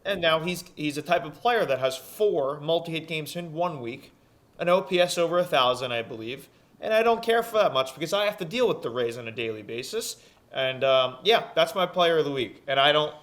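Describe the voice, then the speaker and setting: A man's voice: a little high, lively intonation, normal speed, fairly bright tone. A man co-hosting a casual sports podcast, talking in a grumbling, mock-annoyed way. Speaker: podcast co-host.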